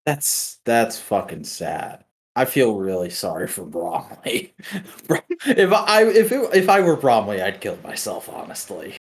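A man co-hosting a casual chat from home, reacting excitably and swearing a lot. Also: lowish voice, unhurried. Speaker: podcast co-host. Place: home late at night.

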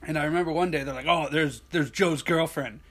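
Animated man telling a school story. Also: a little high, fairly quick, husky. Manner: animated, slips into impressions of friends. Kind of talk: casual storytelling chat.

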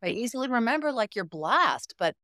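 A woman's voice: on the high side, sing-song, fairly quick, sharp tone, dry recording, studio quality. A middle-aged woman guest on a podcast, telling stories expressively and acting out quoted dialogue. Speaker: guest, therapist. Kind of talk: podcast conversation.

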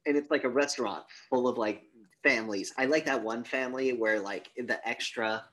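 A man's voice: mid-range voice, normal speed. A man co-hosting a podcast, animatedly retelling a film's scenes in casual, profane chat. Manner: animated retelling with acted-out quotes, swears freely. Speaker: podcast co-host. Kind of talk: casual movie review chat.

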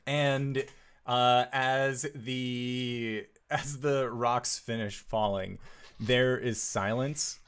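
A man narrating a tabletop game as game master, slow and relaxed with many pauses. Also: medium pitch, smooth.

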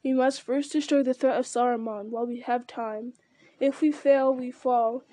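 Storybook reading: woman voicing an aged wizard, solemn and commanding, mellow tone. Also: a little high, fairly even intonation, moderate pace, dry recording, lightly acted. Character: old male wizard, grave and commanding.

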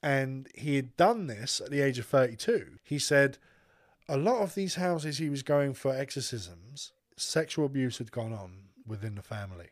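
A man's voice: mid-range voice, expressive, moderate pace. A man telling a rambling, swear-filled story in a casual chat. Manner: rambling, profane storytelling with asides. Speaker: podcast co-host telling a story.

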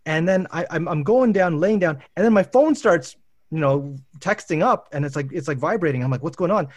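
A man in his thirties hosts a casual chat and tells lively, wandering stories about work and family life, often stopping and restarting mid-sentence. His voice sits a little high for a man. The sound is very dry and close, with no room echo. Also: fairly quick. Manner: animated, rambling anecdotes with restarts. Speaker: professor and host.

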